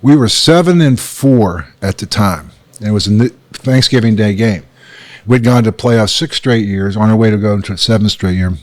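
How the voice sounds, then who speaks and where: A man in his sixties telling stories in casual chat, acting out quotes with sudden jumps in pitch. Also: moderate pace. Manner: animated, acts out quotes with sharp rises in pitch. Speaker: guest, former football coach.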